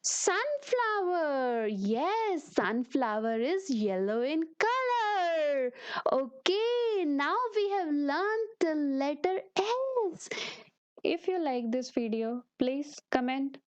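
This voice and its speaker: A woman with a very high, lively voice gives a phonics lesson to small children. She goes very slowly and says each letter sound and word twice in a patient drill. Her voice rises and falls a lot. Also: highs cut off. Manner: slow, repetitive, sound-then-word drilling; speaks to young children. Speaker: preschool teacher.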